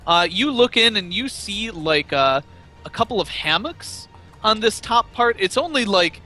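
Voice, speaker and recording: A man's voice: high voice, lively intonation, a little slow, sharp tone, soft background music. A man running a tabletop game as game master, describing scenes and rulings in an easygoing way with many fillers. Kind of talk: narrating a tabletop game over voice chat.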